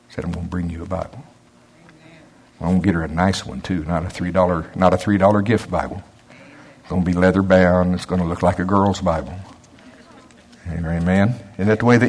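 A man's voice: deep voice, a little mellow, breathy edge. A middle-aged man preaching a storytelling sermon in a folksy way, acting out both sides of a conversation and chuckling often.

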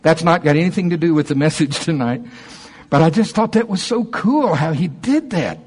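A man preaching a sermon to his congregation, animated and excitable, slowing down to read scripture with care. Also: on the high side, slightly rough. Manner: animated, excitable, breaks into laughter and shouts; reads scripture slowly and deliberately. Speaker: pastor.

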